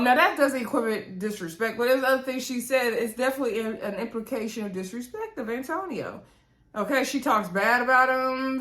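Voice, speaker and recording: A woman chatting casually to her viewers as she recaps a reality show, talking straight at them in a lively, animated way. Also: fairly high pitch. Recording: roomy echo.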